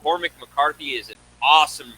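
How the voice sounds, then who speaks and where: A man's voice: on the high side, brisk, a crowd in the background, low-quality recording. A man from the American South in casual chat, speaking with enthusiasm.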